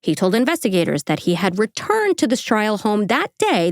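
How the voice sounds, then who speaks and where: A woman's voice: medium pitch, sing-song, moderate pace, few pauses, no room sound. True crime host, woman, snarky narrator, dry close sound. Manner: sarcastic, swears casually. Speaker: podcast host.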